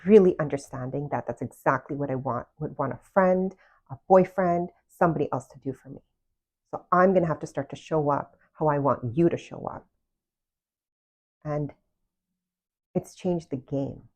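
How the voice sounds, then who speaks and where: Woman w a low voice talking self-love, earnest, keeps asking you questions. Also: moderate pace. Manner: earnest, asks the viewer direct questions. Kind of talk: casual motivational talk to camera.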